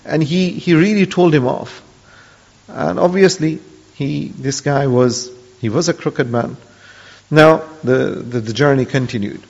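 In a measured, mid-range voice with a darkish tone, a man teaching Islam tells an old story earnestly, adding pious honorifics throughout. Dull lo-fi sound and long hall reverb mark the recording.

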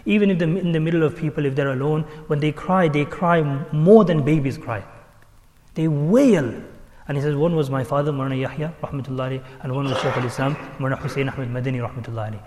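A man with a slightly high voice preaches a sermon full of stories. He acts out the people he quotes with animated delivery. His voice echoes with the long reverb of a large hall. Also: fast talker. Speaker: Islamic teacher. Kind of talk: sermon storytelling.

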